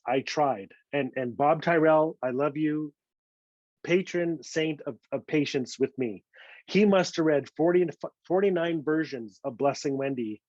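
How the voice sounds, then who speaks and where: Middle-aged male author, lively storyteller, slightly high voice, dry muffled recording. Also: no room sound. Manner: animated, acts out other people's voices in quotes. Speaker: invited author telling a story. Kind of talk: storytelling talk.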